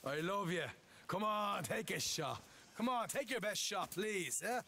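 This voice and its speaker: A man's voice: sits high, expressive, pushed and bright, a little hiss or hum, full character voice. An actor playing a brash young male outlaw in a video game, cocky and needling. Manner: taunting, quick-tongued, swaggering.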